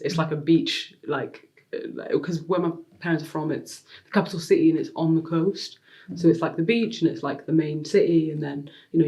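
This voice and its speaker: A woman's voice: low-pitched, dull audio. A woman, a guest in a casual interview, talking chattily with many fillers and acting out the people in her stories. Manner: chatty, heavy use of "like" fillers; animated storyteller, acts out quotes.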